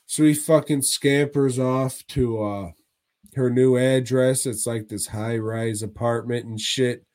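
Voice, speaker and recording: A man's voice: mid-range voice, steady tone, takes it slowly, darkish tone. A man co-hosting a casual podcast, rambling with heavy swearing and frequent laughs. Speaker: podcast co-host.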